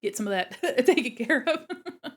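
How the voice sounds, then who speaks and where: A giggly young woman chats casually on a home stream and often talks with her mouth full. Her voice sits a little high. The mic is set back from her face, so she sounds a bit distant. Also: lively intonation, measured pace. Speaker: art streamer. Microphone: mic set away from her face.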